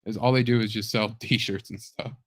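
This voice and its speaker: A man's voice: lowish voice, fairly even intonation, normal speed. A man co-hosting a live stream, giving dismissive, critical commentary. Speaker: co-host. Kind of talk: casual live-stream chat.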